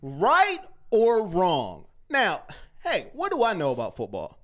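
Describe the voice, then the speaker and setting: A man co-hosting a casual fan chat show, animated and mocking, at times rising to near shouts. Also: high-pitched, slow pace. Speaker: co-host.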